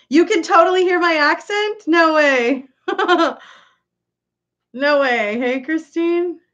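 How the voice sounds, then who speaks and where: A woman's voice: high voice, muffled recording. A woman hosting a casual live stream, chatting with viewers, reading their comments aloud and laughing often. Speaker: livestream host chatting with viewers.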